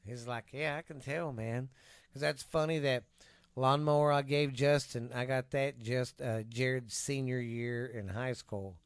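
Texan man, middle-pitched, rambling cussing storyteller on a close, dry mic. Podcast host. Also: clear, resonant tone, no echo. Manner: rambling storyteller, swears freely, trails off with fillers. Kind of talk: casual podcast chat.

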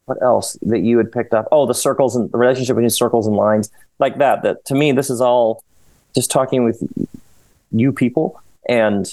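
A man talking as a podcast guest, rambling and animated, often laughing as he goes. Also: lowish voice, dry recording. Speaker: author and guest. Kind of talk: casual podcast conversation.

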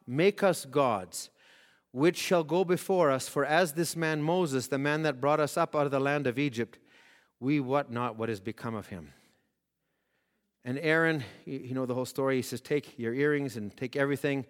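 A man's voice: mid-range voice, moderate pace, long reverb tail. A man preaching a sermon, reading scripture aloud and building to emphatic, rising appeals. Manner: preaching with rising emphasis, voicing quoted prayers.

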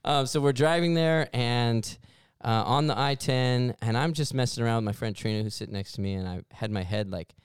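A man's voice: medium pitch, brisk, hardly any pauses, clean tone, no room sound, clean studio sound. A young man, a podcast co-host, telling a rambling, self-deprecating story in casual chat and laughing often.

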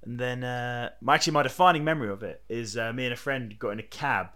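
A man's voice: mid-range voice, fast talker, bright, forceful tone. A man chatting casually as a podcast co-host. He rambles loosely, leans on fillers and swears freely. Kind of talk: casual chat.

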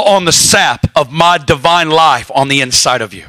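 A man preaching a sermon, telling stories in a folksy way with lively asides. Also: a little high, normal speed, few pauses, no room sound, poor audio.

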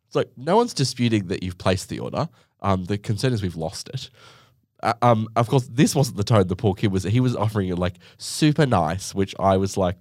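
A young Australian man telling a story on his podcast, sarcastic and animated, acting out other people in high mocking voices. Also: brisk, dry recording, clean studio sound. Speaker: podcast host. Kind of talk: casual storytelling monologue.

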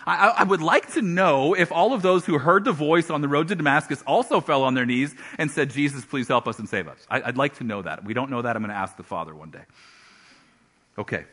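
A male pastor preaches a sermon, telling a Bible story with animated storytelling and acting out voices. His pitch is fairly high and his delivery brisk.

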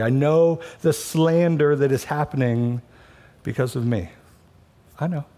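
A male pastor with a mid-range, slightly mellow voice preaches conversationally. He tosses joking asides to the congregation along the way.

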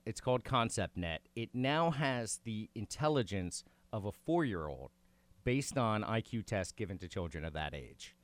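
A man's voice: lowish voice, very animated, normal speed, faint music behind. A young adult man in casual chat as a podcast co-host, with wry, dry comebacks.

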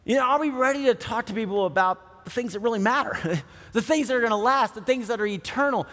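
High-voiced preacher man, chatty. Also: quick pace, a bit bright, long reverb tail. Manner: conversational, often asks the audience "right?". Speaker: pastor. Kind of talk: sermon.

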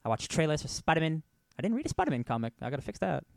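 A young man co-hosting a podcast in casual, jokey, excitable chat. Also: on the high side, very fast, creaky, no echo. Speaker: podcast co-host.

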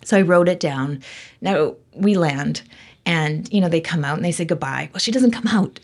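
A woman guest on an interview show, telling a personal story in an animated, expressive way full of "like" and acted-out quotes. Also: fairly low pitch, normal speed. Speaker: guest, intuitive medium.

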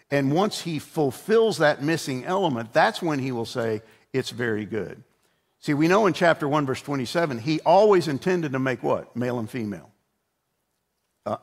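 Middle-aged male pastor, chatty sermon. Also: medium pitch. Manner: conversational, humorous storytelling with repeated restarts.

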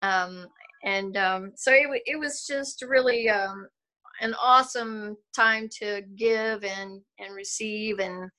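An older woman talking on a video call as an interview guest, reflective and halting, laughing often. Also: medium pitch, fairly even intonation, pushed and bright. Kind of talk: casual interview conversation.

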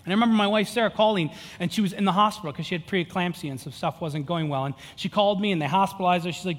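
A thirtyish pastor races through his sermon with few pauses, his fairly high voice echoing with a long reverb in a big church hall. What begins as relaxed, earnest storytelling climbs steadily into fervent intensity.

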